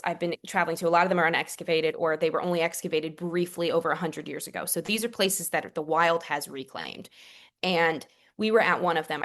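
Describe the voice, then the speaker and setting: A woman, a priestess and author, talking earnestly and effusively as a podcast guest. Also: medium pitch. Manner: earnest and effusive, with soft whispered asides. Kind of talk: casual chat.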